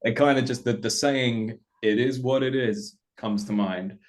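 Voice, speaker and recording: A man's voice: mid-range voice, fairly even intonation, a little slow. A man who plays in a metal band, chatting as an interview guest in a laid-back, storytelling way and chuckling often. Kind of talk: casual interview chat.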